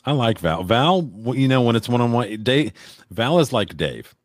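A man's voice: medium pitch, sing-song, normal speed, no echo, clean studio sound. A man in a casual podcast chat, telling rambling stories with crude jokes. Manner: rambling, crude joking storyteller.

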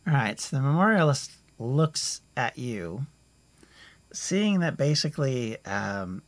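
A man narrating a tabletop game as game master, rambling and halting as he searches for words. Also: mid-range voice, very animated, no echo. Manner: rambling, halting, many fillers and restarts.

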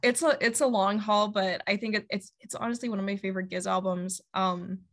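A woman's voice: medium pitch, fairly even intonation, a little fast, a bit bright. A woman co-hosting a casual music podcast, chatty and full of ums and likes. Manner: chatty, many ums and likes, laughs often. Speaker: podcast co-host. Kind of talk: casual music review chat.

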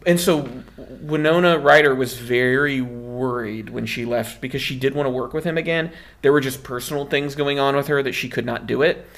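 A man's voice: medium pitch, normal speed, gravelly, fairly bright tone. A man co-hosting a film podcast, chatting casually and explaining film history at length. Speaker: podcast co-host.

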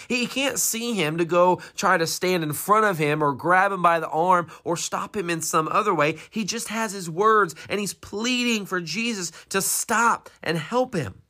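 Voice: mid-range voice, bright, forceful tone. A preacher giving a sermon, retelling a Bible story with rhetorical questions and dramatic emphasis.

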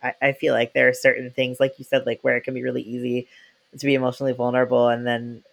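A man's voice: mid-range voice, monotone, fast talker, creaky. A young adult man hosting a podcast, talking casually with lots of fillers and frequent laughter. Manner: chatty, laughs often, many fillers. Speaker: podcast host. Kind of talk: casual conversation.

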